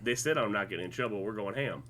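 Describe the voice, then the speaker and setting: A man's voice: lowish voice, fast talker, pushed and bright, a little hiss or hum. A man co-hosting a podcast, telling a family story in casual chat and acting out each person's lines. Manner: acts out voices in stories. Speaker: podcast co-host.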